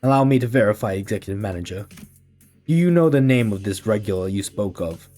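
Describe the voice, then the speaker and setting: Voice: deep voice, animated, fairly quick, dark tone, faint music behind. A streamer voicing a stiff formal officer woman. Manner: clipped and formal.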